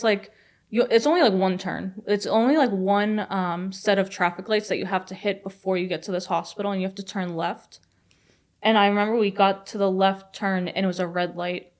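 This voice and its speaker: A young woman telling a personal story as a podcast guest, fast and chatty with many fillers. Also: mid-range voice. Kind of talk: casual storytelling.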